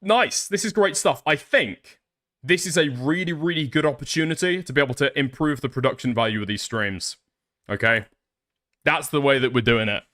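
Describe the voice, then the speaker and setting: A man's voice: mid-range voice, normal speed, pushed and bright. A man livestreaming, swearing a lot and talking to his chat while troubleshooting. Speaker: streamer.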